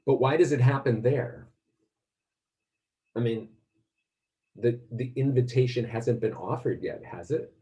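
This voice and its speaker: A man's voice: mid-range voice, measured pace, long pauses, mellow. A man lecturing a class, thinking aloud and often restarting his sentences.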